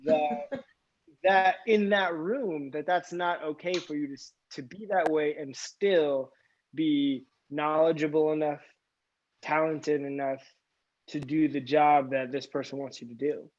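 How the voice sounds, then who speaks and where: Man, co-host, halting speech with restarts, slightly raised pitch, muffled audio. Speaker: podcast co-host. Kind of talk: casual discussion.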